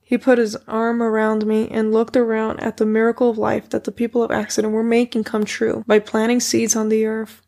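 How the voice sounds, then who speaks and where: A woman's voice: fairly high pitch, completely flat delivery, a little fast, vocal fry, warm tone. Woman reading a storybook aloud. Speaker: audiobook reader. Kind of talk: storybook narration.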